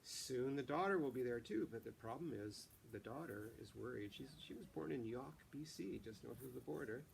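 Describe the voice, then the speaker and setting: A man, the author, chatting haltingly about his novel and then reading passages aloud. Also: mid-range voice, creaky, a little hiss or hum. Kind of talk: book reading and chat.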